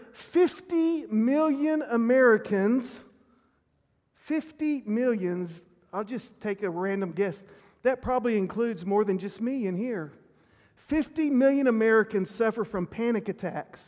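A male pastor with a strikingly high voice delivers a sermon, telling a personal story earnestly and often restarting his phrases. His voice rings with the long reverb of a church sanctuary. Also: a little mellow.

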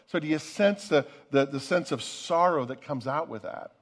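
Higher-voiced man preaching earnestly. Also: moderate pace. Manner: earnest, repeats words at starts of phrases. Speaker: pastor. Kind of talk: sermon.

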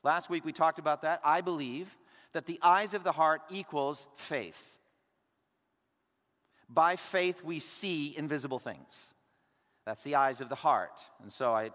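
A man preaching a sermon as pastor, varying his volume and pace with dramatic pauses. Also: a little high, fairly bright tone. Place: church sanctuary. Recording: long reverb of a large hall.

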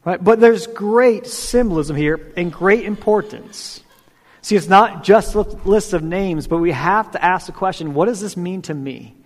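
A man's voice: sits high, measured pace. Conversational male pastor in a reverberant hall. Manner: conversational, asks the congregation questions, repeats "right?". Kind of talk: sermon. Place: church hall.

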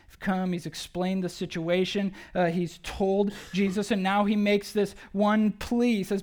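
A pastor preaching a sermon to a church in a conversational, animated way, often asking rhetorical questions. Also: mid-range voice, a little slow, hardly any pauses. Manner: animated, acts out quoted speech.

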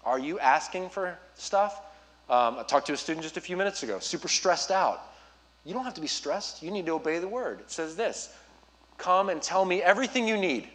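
A man preaching as a youth pastor, urging his listeners directly with an earnest, personal manner and quick asides. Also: fairly high pitch, lively intonation, fairly bright tone. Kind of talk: sermon.

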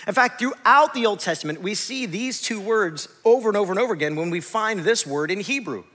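A male pastor delivers a dramatic sermon in a high, lively voice that rises and falls widely. His tone is bright and forceful, dropping at times to a hush. A long hall reverb trails every phrase. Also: brisk. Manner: dramatic, swinging between loud bursts and hushed lows.

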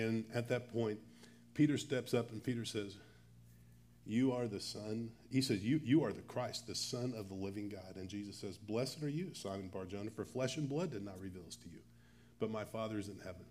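Mellow-voiced male pastor preaching conversationally. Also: fairly low pitch, brisk, a little hiss or hum. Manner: conversational, acts out Bible dialogue in quoted voices. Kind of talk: sermon.

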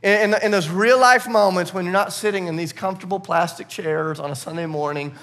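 A male pastor preaching a sermon at a church service, animated and laughing often, with many fillers and repeated words. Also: sits high, fairly quick.

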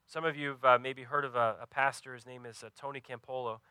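A preacher with a bright, crisp voice, earnestly telling a story to his congregation and often pausing over fillers. His delivery is sincere and plain, recorded dry and close. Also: medium pitch, steady tone, dry recording. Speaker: pastor. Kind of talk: sermon.

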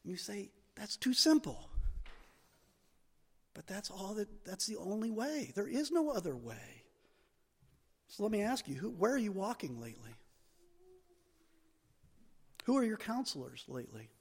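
A male pastor preaching a sermon in a church, animated and building to emphatic peaks. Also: high-pitched, moderate pace, creaky, breathy edge, in a large hall.

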